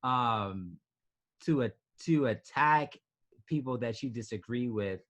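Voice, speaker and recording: A man's voice: medium pitch, takes it slowly, a bit bright. A man in his twenties, an interview guest telling a personal story casually, with many restarts and fillers. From United States. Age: 20s.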